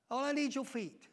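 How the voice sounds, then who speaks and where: A man's voice: very high-pitched, a little hiss or hum. A male pastor preaching a fervent sermon, calling out to the congregation in folksy, colloquial phrasing. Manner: shouting, fervent preaching with call-and-response.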